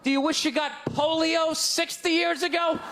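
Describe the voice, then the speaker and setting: A man with a Boston accent doing a stand-up set on stage, ranting in loud, exasperated bursts that break into shouts. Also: very high-pitched, flat delivery, normal speed. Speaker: stand-up comedian. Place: live comedy stage before an audience. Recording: live crowd laughter, faint background noise. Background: audience laughter.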